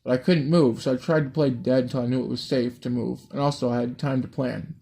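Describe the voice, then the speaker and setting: A man's voice: mid-range voice, steady tone, fast talker, vocal fry, mellow. A man casually reading out his dream story, rambling, swearing and breaking off into asides.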